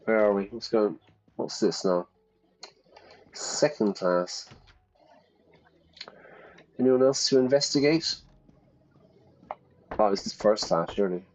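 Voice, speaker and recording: A man casually commenting while playing a game, chatty and playful, thinking out loud. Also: lowish voice, slow pace, pauses often, slight background noise, low-quality recording. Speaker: teacher playing a game for learners.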